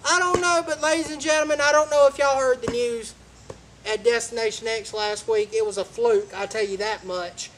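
A man hosting a casual wrestling recap, rambling and joking, and he keeps saying anyway and ladies and gentlemen. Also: extremely high pitch, fairly even intonation, moderate pace, slight background noise, rough recording. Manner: joking, talks over his co-host. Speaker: host of a wrestling review show.

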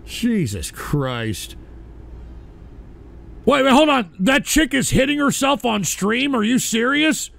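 A man with a drawl hosts a live stream in a strikingly high, gravelly voice. His pitch swings widely as he shouts in mocking, overblown concern. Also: sing-song, takes it slowly. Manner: loud, mocking, with sudden shouts. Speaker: streamer host.

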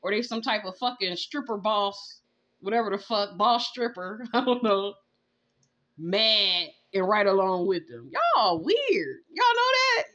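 A woman's voice: medium pitch, measured pace, fairly bright tone, lo-fi sound. A woman giving a casual tarot reading, ranting in disbelief with lots of cursing and bursts of laughter. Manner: profane, laughing, incredulous ranting. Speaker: tarot reader. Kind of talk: casual spiritual reading vlog.

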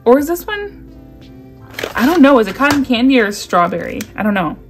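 Excitable lady vlogger opening mail, kinda high voice, soft music under it. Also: a little fast. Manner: gushing, gasps and laughs often. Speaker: YouTube creator unboxing mail. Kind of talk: excited unboxing chatter.

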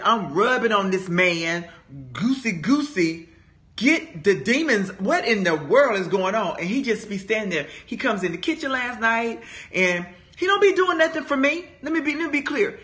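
A woman in her fifties shares a personal testimony during a Bible study. Her voice is bright and forceful, and her storytelling is animated and emphatic, as if she is talking right to a room of friends. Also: on the high side, normal speed. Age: 50s. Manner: animated, emphatic storytelling, addressing listeners as "y'all".

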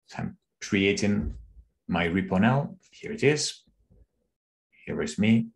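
Slow, deep-voiced man demoing code. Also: animated, vocal fry. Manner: unhurried, thinks aloud with restarts. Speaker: engineer presenting a live demo. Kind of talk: screen-share coding walkthrough.

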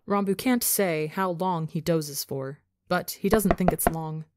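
A woman narrating a fan fiction story for a podcast, an intimate, expressive reading. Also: fairly low pitch, a little slow, heavy background noise. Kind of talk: scripted narration.

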